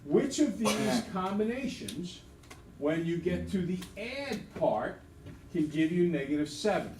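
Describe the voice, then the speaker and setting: A man teaching a math lesson to a class, quizzing students with quick questions in an upbeat way. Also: high voice, sing-song, darkish tone. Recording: echoey classroom, distant mic, background noise.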